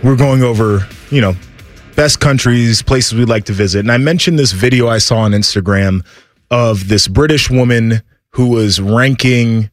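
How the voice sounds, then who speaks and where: A man's voice: mid-range voice, normal speed, no echo, studio quality, faint music behind. A man co-hosting a radio show, telling a story in casual banter and sounding incredulous about food.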